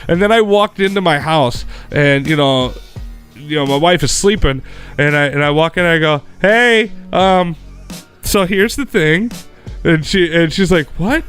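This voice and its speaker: A man's voice: on the high side, normal speed, a bit bright, faint music behind. A man co-hosting a podcast, telling a rambling, profane story in casual chat. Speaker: podcast co-host.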